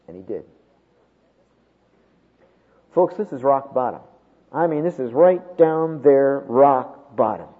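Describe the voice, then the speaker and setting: A man preaching a sermon, with dramatic swings from loud emphasis to hushed tones. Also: mid-range voice, unhurried, pauses often. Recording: tinny phone-like sound with long hall reverb.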